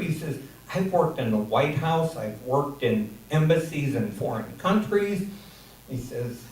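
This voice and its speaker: A man's voice: fairly high pitch, darkish tone. A man telling a long shaggy-dog joke on a comedy theater stage, rambling with repeated words and restarts. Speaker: audience member telling a joke. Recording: echoey theater from far off with noise.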